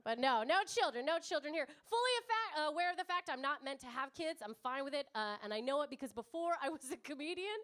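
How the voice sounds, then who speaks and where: A woman's voice: sits high, lively intonation, fast talker, hardly any pauses, fairly bright tone. A woman in her thirties doing stand-up comedy, brash and teasing the crowd, swearing freely. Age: 30s. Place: comedy club stage before a live audience.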